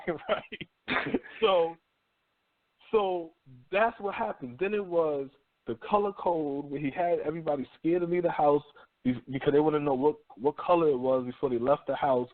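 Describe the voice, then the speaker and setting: A man's voice: on the high side, moderate pace, dry recording. A man hosting a talk radio show, rambling through a profane, slangy monologue and acting out people in mock voices. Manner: animated storytelling with mock quoted voices. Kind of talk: casual monologue. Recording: tinny phone-line audio.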